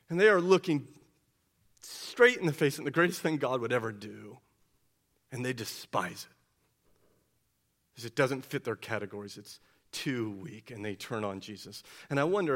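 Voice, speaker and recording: A man preaching a sermon, asking the congregation rhetorical questions and swinging between hushed and loud delivery. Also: medium pitch. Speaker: pastor.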